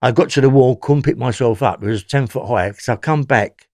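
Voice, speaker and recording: A man's voice: mid-range voice, a little fast, a little mellow, no echo, studio quality. A man with a London accent telling his story as an interview guest, rambling and often checking in with "yeah?".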